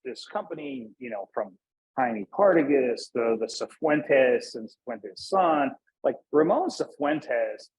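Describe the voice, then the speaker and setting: A man from Northeast Pennsylvania talks as a guest in a relaxed interview. His voice is slightly husky and mid-pitched. He speaks easily and conversationally, leaning on "you know.". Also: slow, rough recording. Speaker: guest, cigar brand manager. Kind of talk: casual interview.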